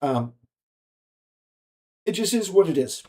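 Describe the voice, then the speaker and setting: Rambling man with lively pitch. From United States. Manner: halting, many restarts and fillers. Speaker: indie game developer. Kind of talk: rambling solo monologue.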